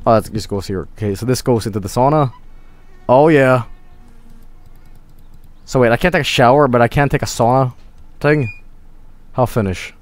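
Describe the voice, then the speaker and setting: A man streaming a game, joking loudly, swearing often and hamming up being drunk. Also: normal speed, pauses often. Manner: plays at being drunk, loud swings of pitch. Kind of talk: let's-play commentary.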